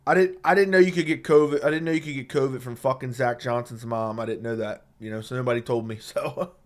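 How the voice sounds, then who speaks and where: He talks at a quick pace with a medium pitch and a steady tone. On a live stream, this sore-throated man casually reads viewer comments and trash-talks chat in blunt, profane terms, using a studio dynamic mic.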